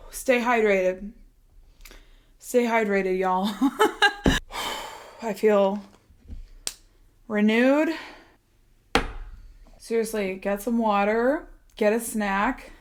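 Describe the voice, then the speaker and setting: A woman talking casually and excitedly to her viewers while reacting to an album. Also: mid-range voice, very slow, pauses often, a little hiss or hum. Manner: chatty and excitable, talks to viewers directly. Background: faint music playing.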